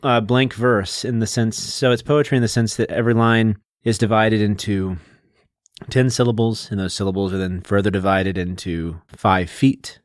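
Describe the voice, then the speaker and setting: A man's voice: lowish voice, steady tone, moderate pace, dry recording, studio quality. A man co-hosting a podcast, patiently explaining things in a casual, lecturing way. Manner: lecturing, patient, detail-heavy. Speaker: podcast co-host.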